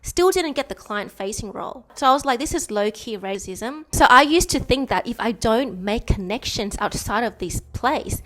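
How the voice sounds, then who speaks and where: A woman's voice: animated, normal speed, few pauses, fairly bright tone. A young woman with an Australian accent, talking bluntly and frankly in a personal vlog. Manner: blunt, frank, mimics others in a higher voice when quoting. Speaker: vlogger. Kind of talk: candid personal storytelling to camera.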